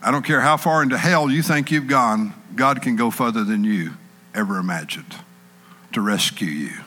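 A man preaching a sermon in an animated way, acting out panicked people in a raised voice. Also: mid-range voice, normal speed, in a large hall.

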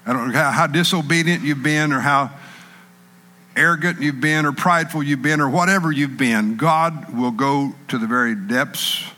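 Bright-voiced preacher in a reverberant hall. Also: male voice, a little high, moderate pace. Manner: animated, acts out panicked people in a raised voice. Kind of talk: sermon.

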